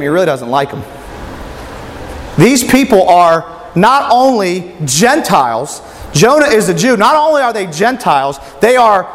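A man's voice: high-pitched, big-room sound. A man preaching a sermon who reads scripture aloud and asks his listeners rhetorical questions.

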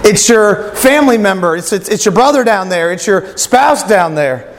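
A man's voice: sits high, expressive, normal speed, big-room sound, a little hiss or hum. A male pastor preaching a sermon, telling a story and acting out its voices.

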